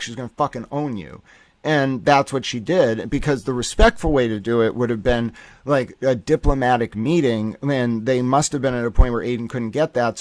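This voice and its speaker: Male streamer, mid-range pitch, excitable and profane, filler-heavy delivery. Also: dry recording. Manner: animated, profane, emphatic with many fillers. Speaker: commentator. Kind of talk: casual commentary stream.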